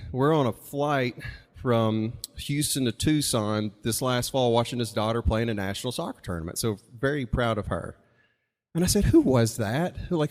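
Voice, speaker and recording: A man from Mississippi, telling a rambling, casual story at a live open mic with chuckling asides. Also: mid-range voice. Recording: long reverb of a live venue.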